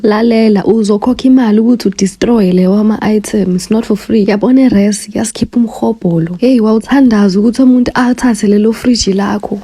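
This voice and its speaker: A woman from South Africa with a South African accent, talking in a brisk, matter-of-fact casual vlog style that mixes Zulu and English. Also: on the high side, warm tone, breathy edge, dry recording. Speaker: former student in Japan.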